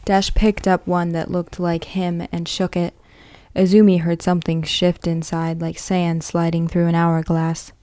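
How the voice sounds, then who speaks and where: A woman's voice: lowish voice, flat delivery, unhurried, warm tone, dry recording, studio quality. A woman reading a novel aloud in a plain manner, with occasional slips that she corrects. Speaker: reader.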